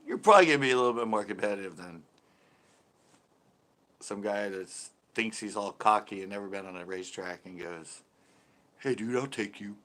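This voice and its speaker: A man's voice: on the low side, brisk, pushed and bright. A middle-aged man hosting a live stream, chatting casually, laughing often and swearing lightly.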